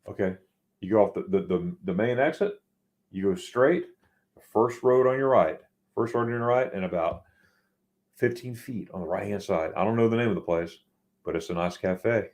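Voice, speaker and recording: Tired guy hosting a late night chat, low mellow voice, keeps repeating himself and laughing. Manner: rambling, repeats words, laughs often. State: tired from staying up all night. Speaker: host.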